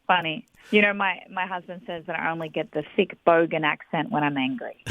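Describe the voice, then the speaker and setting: A woman's voice: lowish voice, big pitch swings, measured pace, fairly bright tone, dry recording. A young Australian woman, a singer, chatting casually in a phone interview and laughing often. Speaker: guest singer. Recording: tinny phone line.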